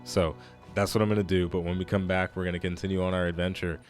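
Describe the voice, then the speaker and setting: A man with a naturally deep voice hosting a gaming channel, giving chatty, rambling commentary as he plays. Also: little pitch movement, fast, faint music behind. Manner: chatty, rambling, self-correcting. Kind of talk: let's play commentary.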